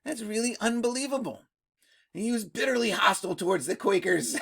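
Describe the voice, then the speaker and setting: An excitable host walking through colonial history in a relaxed, chatty explainer. The voice sits at a middle pitch and often breaks into laughter. Sentences keep ending on a questioning "right?". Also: a little fast. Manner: excitable, jumps up in pitch when amused.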